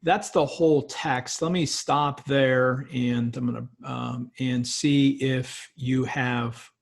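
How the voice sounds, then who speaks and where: Man, professor lecture, slow and deliberate, gravelly husky voice. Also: mid-range voice, fairly even intonation. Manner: slow, thoughtful, pauses on words. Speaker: biblical studies professor. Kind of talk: lecture, reading Hebrew text aloud.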